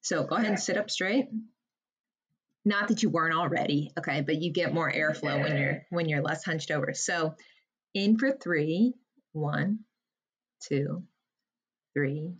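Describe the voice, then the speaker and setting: Brief: woman, lower-pitched, energetic coach explaining breathing, emphatic and chatty. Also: normal speed, slightly rough. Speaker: breathwork guest. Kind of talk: podcast conversation, guided breathing.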